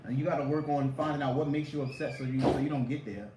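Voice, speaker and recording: A man's voice: mid-range voice, steady tone, quick pace, very noisy. Slangy man in an echoey room. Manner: laid-back, slangy, laughs often. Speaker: co-host reading viewer comments. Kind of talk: casual couple chat. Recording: echoey room, mic at a distance.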